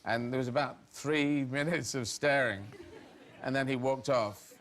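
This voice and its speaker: A man's voice: medium pitch, unhurried, fairly bright tone, some chatter behind, slight background noise. A middle-aged man from England, a comedian guest on a talk show, telling rambling stories that he often breaks off and laughs through. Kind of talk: anecdotal talk show storytelling.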